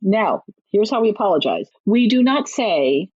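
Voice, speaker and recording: Chatty woman author with a husky voice. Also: very animated, normal speed, a little mellow, dry recording, lo-fi sound. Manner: chatty, emphatic, acts out quotes in a higher voice. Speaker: parenting author and guest. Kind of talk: podcast interview.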